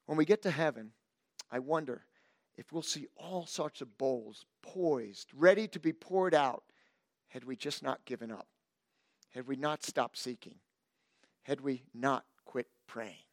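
A man's voice: a little high, a little slow, no echo, clean studio sound. A male pastor preaching a sermon, reading scripture and adding playful asides. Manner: animated, playful asides, reads scripture aloud.

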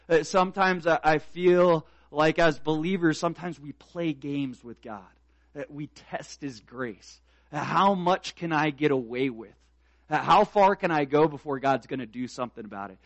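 Earnest preacher, higher-pitched man, dry close sound. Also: normal speed, a bit bright, no room sound. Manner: earnest, rising to emphatic repeated exhortations. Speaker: pastor. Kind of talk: sermon.

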